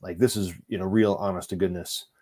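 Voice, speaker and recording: A man's voice: sits low, fairly even intonation, fairly quick, dark tone. A man who is a guest on a podcast and talks earnestly, mixing serious points with teasing jokes. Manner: earnest, many fillers and restarts, self-mocking jokes. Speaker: guest, organization leader. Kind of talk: casual podcast chat.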